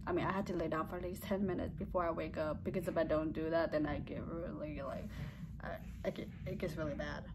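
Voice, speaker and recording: A woman's voice: deep voice, fairly even intonation, fast, background noise. A young woman vlogging a casual story, rambling and giggly, often trailing off with "blah, blah, blah.".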